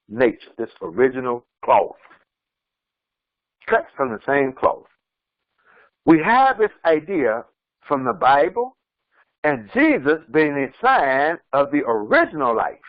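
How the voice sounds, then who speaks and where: A man's voice: a little high, very animated, slow pace, long pauses, no room sound, dull audio. A man preaching as an imam, emphatic and repetitive, often restarting his words mid-sentence. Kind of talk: sermon.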